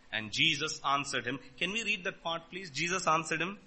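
Male preacher, high voice, very bright and sharp tone, emphatic, rhetorical questions. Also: animated, normal speed. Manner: emphatic, rhetorical questions, rises and drops in volume. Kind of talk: sermon.

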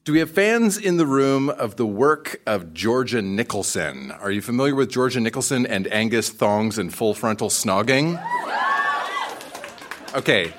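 A man's voice: medium pitch, lively intonation, moderate pace, a bit bright, soft background music. A man hosting a live reading show, chatting with the crowd and introducing the next reader. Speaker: host. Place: live venue on stage.

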